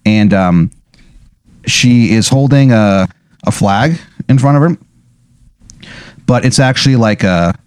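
A man's voice: mid-range voice, animated, takes it slowly, long pauses, darkish tone, clean tone, no echo, clean studio sound. A man narrating an improvised comedic game scene in a casual, profane, rambling way with many fillers. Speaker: game master.

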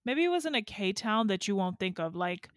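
Woman co-host, laid-back conversational voice with a medium pitch, dry close sound. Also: moderate pace, no echo. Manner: relaxed, thinks aloud with hedges and restarts. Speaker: podcast co-host. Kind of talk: casual chat.

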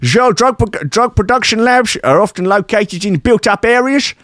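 Man doing a Dutch prosecutor, put-on Dutch accent, high and sing-song, officious, dry close sound. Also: lively intonation, moderate pace, a bit bright, no echo.

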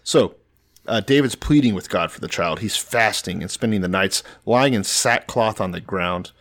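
A man's voice: on the low side, normal speed, fairly bright tone. A man in casual conversation, reading a story aloud and mocking it with crude, sarcastic asides. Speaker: podcast co-host. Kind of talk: casual irreverent chat.

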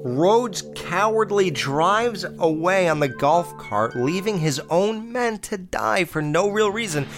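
A man's voice: high voice, expressive, slow pace, music in the background. Blunt, rambling man reviewing a film. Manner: blunt, opinionated, rambling with fillers. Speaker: podcast host. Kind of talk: casual movie review.

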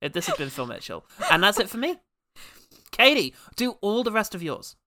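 Man, podcast host, casual chat, bright voice, very lively pitch, dry close sound. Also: normal speed, no room sound. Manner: chatty, laughs often, trails off quietly.

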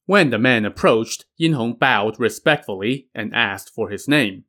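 A man's voice: on the low side, unhurried, few pauses, a bit bright. A man narrating a classic novel for a podcast, with wry conversational asides. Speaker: podcast storyteller.

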